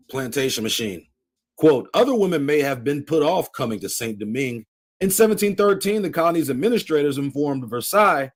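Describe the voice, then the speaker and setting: A man hosting a channel, reading a history book aloud with commentary and putting emphatic stress on quotations. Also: on the high side. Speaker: channel host.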